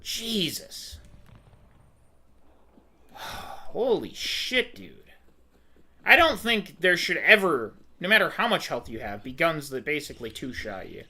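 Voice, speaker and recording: A man's voice: on the high side, very animated, slow, pauses often, sharp tone, breathy edge. A young man giving casual commentary while playing a video game, ranting and swearing in frustration. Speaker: let's play gamer.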